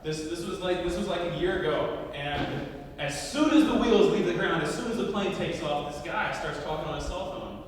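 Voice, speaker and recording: Lively man hosting stand-up. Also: fairly high pitch, moderate pace, slight background noise. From Louisiana, US South. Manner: lively, crude, swings from quiet to loud. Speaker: comedy show host. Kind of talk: stand-up storytelling. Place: comedy club. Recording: echoey club, mic far off.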